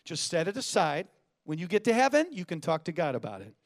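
A middle-aged man from California preaching a sermon as a guest pastor, energetic and joking, calling for amens. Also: a little high, a little fast.

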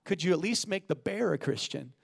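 A man's voice: high-pitched, animated, a little fast, gravelly, slightly rough, full character voice. Scared atheist guy bargaining, kinda wry, preacher doing the voice. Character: frightened male atheist hiker.

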